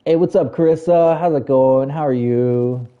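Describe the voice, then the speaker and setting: A man's voice: mid-range voice, normal speed, phone-quality sound. A man in his thirties chatting casually to his stream viewers, rambling loosely with lots of "like" and "you know". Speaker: live streamer.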